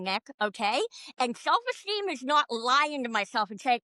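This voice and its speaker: A woman comedian in casual podcast chat, profane and animated, ranting with big swings in loudness. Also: fairly high pitch, normal speed, clear, resonant tone, dry recording. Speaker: comedian guest.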